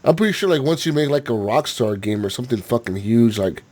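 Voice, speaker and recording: A man's voice: medium pitch, lively intonation, quick pace, a little mellow. Rambling, profane podcast host man. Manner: rambling, profane, laughs often, heavy filler words. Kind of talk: casual chat.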